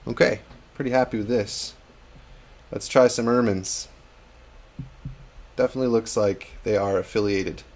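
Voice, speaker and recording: A man's voice: lowish voice, fairly even intonation, unhurried, pauses often, darkish tone. A man chatting casually on a hobby livestream while painting miniatures, reading out chat and joking at his own expense. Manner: chatty, self-deprecating, reads chat aloud.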